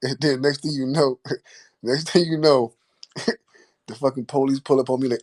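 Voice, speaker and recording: A man recounting a wild night in a loose, unhurried way, swearing freely and chuckling through it. His voice sits at an average pitch for a man. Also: a little mellow. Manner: laid-back, profane, laughing. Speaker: storyteller. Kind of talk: casual storytelling.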